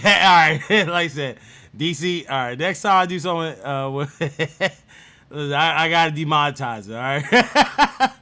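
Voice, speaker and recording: A man's voice: fairly high pitch, pushed and bright, smooth. A man hosting a casual gaming chat, talking in slang, teasing people and laughing often. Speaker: gaming channel host.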